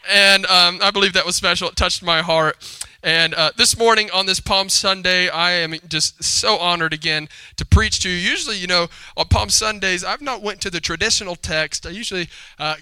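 A man preaching a lively sermon, calling out to the congregation for responses. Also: high-pitched, clear, resonant tone, no room sound. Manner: energetic, call-and-response with congregation. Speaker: pastor.

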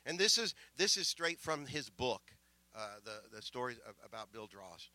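A middle-aged male pastor telling a story in a sermon, emotional, with many stammering restarts, swinging from soft asides to loud proclamations. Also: medium pitch, big pitch swings, normal speed, no room sound.

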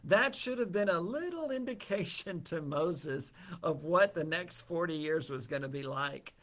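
A man's voice: a little high, expressive, measured pace, fairly bright tone. Conversational man teaching a Bible lesson. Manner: storytelling, conversational, with asides.

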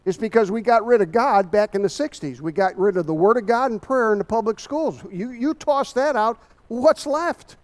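A man's voice: sits high, moderate pace, hardly any pauses. A man giving a Bible study sermon, emphatic and a little out of breath, often asking his listeners rhetorical questions.

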